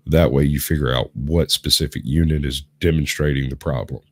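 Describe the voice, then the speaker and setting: A sick man with a hoarse, gravelly voice, rambling and explaining in a casual chat as host of a live stream. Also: extremely low pitch, fairly even intonation, fairly quick, no echo. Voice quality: rough, gravelly. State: hoarse from illness.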